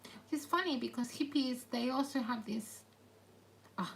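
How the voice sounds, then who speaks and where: A woman speaking channeled messages in a halting, meandering way, with murmured asides. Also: on the high side, vocal fry, slight background noise, poor audio.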